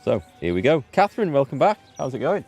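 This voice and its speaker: A man's voice: mid-range voice, very animated, quick pace, darkish tone, breathy edge, highs cut off. A man from northeast England streaming a video game, chatty and self-deprecating as he thinks aloud. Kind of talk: casual live-stream commentary.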